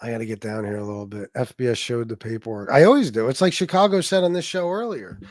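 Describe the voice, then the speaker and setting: In a fast, somewhat mellow medium-pitched voice, a man goes on an angry, profane livestream rant aimed at his critics. He reads chat and confronts it aggressively. The audio is clean studio sound without echo.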